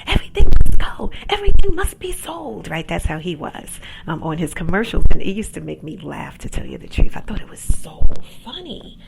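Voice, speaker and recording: A woman hosting a podcast, giving a calm, soft-spoken motivational pep talk about faith and gifts as a coach. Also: low voice, vocal fry, very noisy. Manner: faith-based encouragement. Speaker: podcast host and accountability coach.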